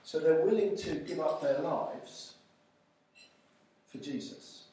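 A man preaching an informal sermon, reading scripture slowly and deliberately. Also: a little high, mellow. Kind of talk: informal sermon at a church evening meal. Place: large echoey church hall. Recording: very echoey hall, voice from far off, faint noise.

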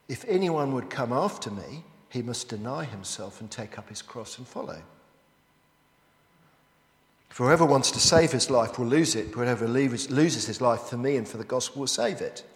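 A man preaching a sermon as he works through a Bible passage, often turning statements into rhetorical questions to the listeners. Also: medium pitch. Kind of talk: expository sermon. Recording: echoey hall with long reverb.

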